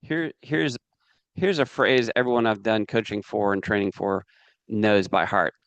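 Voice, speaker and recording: A man leading a live business training seminar, energetic and coaxing the audience to join in. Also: on the low side, a little slow, no echo, dull audio.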